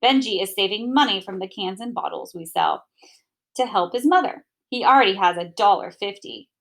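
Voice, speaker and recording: A woman reading a children's picture book aloud in an expressive, gentle first-person narration. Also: medium pitch, normal speed. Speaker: storybook reader.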